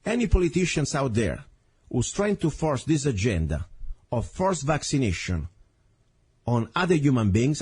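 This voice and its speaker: A man's voice: medium pitch, darkish tone, breathy edge. A man hosting a talk radio show, delivering an impassioned, blunt, ranting monologue into a studio microphone.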